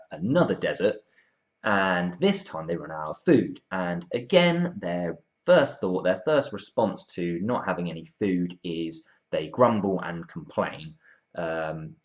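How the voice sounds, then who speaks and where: A man's voice: low voice, muffled recording. A man giving a casual Bible talk, informal, with many ums and restarts as he acts out quotes. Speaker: youth Bible talk presenter.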